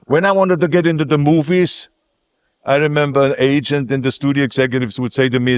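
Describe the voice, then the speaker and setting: A man's voice: medium pitch, quick pace, clear, resonant tone, dry recording. An older man with a German accent, a native German speaker, giving an emphatic ceremonial speech with self-mocking humor. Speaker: guest speaker. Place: outdoor ceremony.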